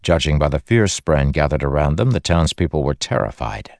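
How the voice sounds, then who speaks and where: A man narrating a fantasy audiobook in a steady, measured storytelling style. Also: rumbling low, creaky, dry recording, clean studio sound.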